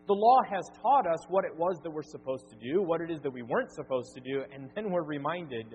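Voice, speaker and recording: A man preaching a sermon as pastor, earnest, slowing down to stress key words. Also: a little high, animated, a little mellow, faint music behind. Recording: dull sound with long reverb and faint hum.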